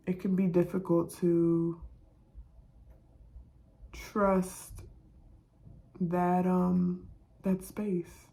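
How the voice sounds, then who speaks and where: Slow low gravelly-voiced woman. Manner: soft, halting, many fillers. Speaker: oracle card reader. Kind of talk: reflective spiritual monologue.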